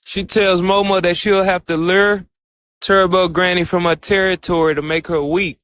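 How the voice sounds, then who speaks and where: A man's voice: sits high, flat delivery, moderate pace, a bit bright, dry recording. A man casually recapping an anime episode, retelling each scene with a running "and so" and "she says.".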